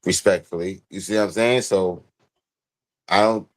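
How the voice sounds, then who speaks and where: Low-voiced man laughing through slangy chat. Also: steady tone, moderate pace, no echo, rough recording. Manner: laughing, slangy, stumbling restarts. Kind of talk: casual group chat.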